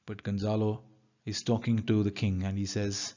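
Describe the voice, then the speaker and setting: A man's voice: lowish voice, level tone, moderate pace, darkish tone. A male teacher with an Indian English accent giving a literature lecture, paraphrasing each line in plain words. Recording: dull lo-fi recording.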